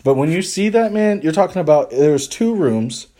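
Animated young Southern man telling a story. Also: a little high, normal speed. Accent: Southern American. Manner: animated storyteller, acts out his past thoughts, laughs easily. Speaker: podcast co-host sharing testimony. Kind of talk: casual conversational testimony.

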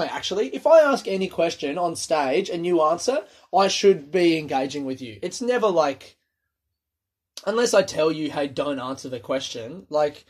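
A young man with a slightly higher voice talks in a loose, rambling monologue. He swears freely and goes off on tangents like a comedian unloading stories between gigs. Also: normal speed, husky. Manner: rambling, profane, animated storytelling. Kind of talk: casual monologue.

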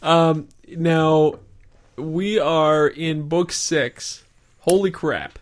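A man's voice: fairly high pitch, drawn-out words. A man co-hosting a casual podcast chat, upbeat and laughing often as he runs a trivia quiz. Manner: giggly, upbeat, quizzes his co-host. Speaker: podcast co-host.

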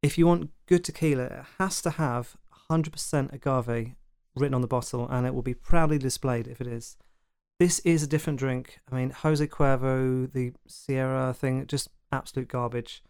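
A man's voice: mid-range voice, steady tone, normal speed, darkish tone, smooth, no room sound, studio quality. A man with a London accent hosting a podcast, talking casually and chattily with fillers and asides. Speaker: podcast host. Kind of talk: casual monologue.

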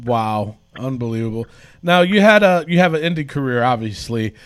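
A man's voice: mid-range voice, lively intonation, moderate pace, clear, resonant tone, no room sound, studio quality. A man co-hosting a podcast, asking questions and reacting with short exclamations. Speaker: podcast co-host. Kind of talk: podcast interview.

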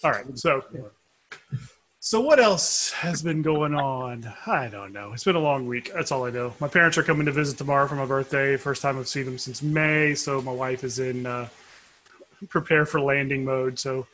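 A man's voice: medium pitch, normal speed, fairly bright tone. A middle-aged man co-hosting a podcast in casual chat, rambling and chuckling as he goes. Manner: rambling, chuckling, self-interrupting. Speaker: podcast co-host.

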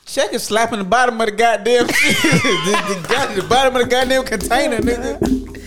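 A man co-hosting a podcast, ranting about fast food in profane, animated banter and laughing often. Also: very high voice, over loud music. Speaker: podcast co-host. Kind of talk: casual comedic banter.

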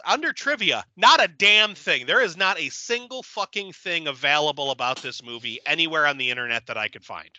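A man's voice: fairly high pitch, expressive, fairly quick, hardly any pauses, pushed and bright, no echo, dull audio. A man hosting a casual podcast, recapping a movie with profanity and acting out the characters' lines. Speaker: podcast host.

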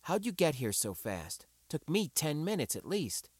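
A man's voice: fairly high pitch, big pitch swings, moderate pace, darkish tone, slightly rough, dry recording, studio quality, voice pushed up. A man reading an audiobook and voicing a sullen sixteen-year-old girl who speaks bluntly and irritably. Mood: irritated. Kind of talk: audiobook character voice.

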